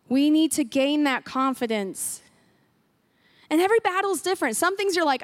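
A woman pastor delivers an earnest sermon in a church. Her voice sits high, and she leans on repeated phrases to drive each point home. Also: animated, normal speed, no room sound. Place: church sanctuary.

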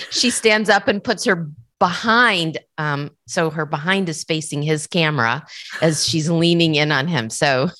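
A woman guest talking slowly in a relaxed, hesitant way, with a lowish voice. The sound is dry and close. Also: dry recording. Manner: unhurried, with hesitant fillers. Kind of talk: casual chat.

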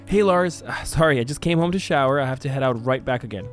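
A man voicing an obsessive male fan turned killer, stammering and fake-nervous at first, then shouting frantically. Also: medium pitch, quick pace, soft background music, voice pushed up, close to an everyday voice. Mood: earnest.

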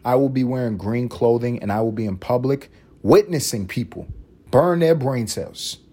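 A Puerto Rican man hosting a podcast, riffing in a loose comedic monologue, profane and animated with sudden loud bursts. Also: medium pitch, normal speed. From Puerto Rico. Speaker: podcast host.

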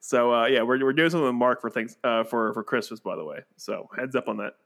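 A man's voice: medium pitch, fast, gravelly, fairly bright tone. A man from Texas co-hosting a podcast in casual chat, rambling and correcting himself as he talks. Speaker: podcast co-host.

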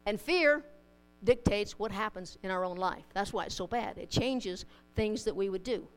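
Smooth-voiced woman preaching a sermon. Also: medium pitch, normal speed, poor audio. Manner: conversational, with homely anecdotes and humor. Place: church in front of a congregation.

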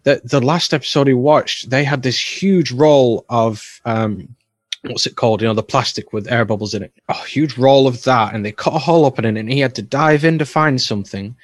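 A man's voice: medium pitch, fairly quick, dry recording. UK man, 30s, casual co-host, blunt dry wit, deadened room. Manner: sweary, blunt, dry humor. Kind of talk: casual chat.

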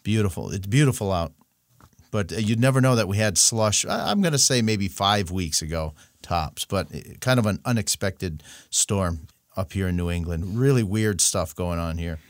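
A man's voice: low-pitched, moderate pace, dry recording, clean studio sound. A man co-hosting a podcast in easy, affirming casual chat. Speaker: podcast co-host.

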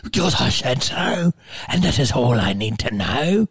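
A man's voice: mid-range voice, big pitch swings, a little slow, gravelly, breathy edge, full character voice. A man voicing a strict old Catholic nun teacher with a half Irish accent, scolding and commanding. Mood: stern scolding.

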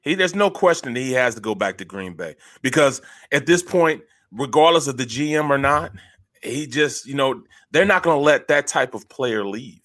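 A man's voice: medium pitch, lively intonation, normal speed, a bit bright, no room sound, clean studio sound. A man co-hosting sports talk radio, emphatic and repetitive, often tagging lines with "man.". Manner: emphatic, repeats phrases, says "man" often.

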